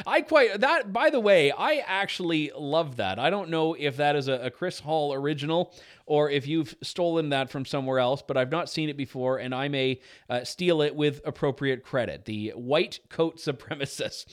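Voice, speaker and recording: A man's voice: fairly high pitch, moderate pace. A man guest-hosting a talk show, reading out listener letters and reacting with opinionated commentary in a conversational way, with fillers and restarts. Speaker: guest radio show host.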